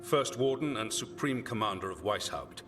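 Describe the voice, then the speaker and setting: A man's voice: fairly low pitch, expressive, moderate pace, a bit bright, soft background music. An actor playing a stern, formal male commander in a video game, who questions others in a cold, demanding way. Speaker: the First Warden, a military commander.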